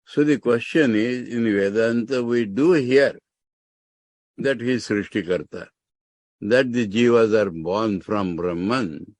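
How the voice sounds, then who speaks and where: A man's voice: on the low side, slow, darkish tone, no echo. A man with an Indian English accent, teaching scripture as a monk, explaining Sanskrit terms word by word with emphatic rises. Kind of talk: scriptural discourse.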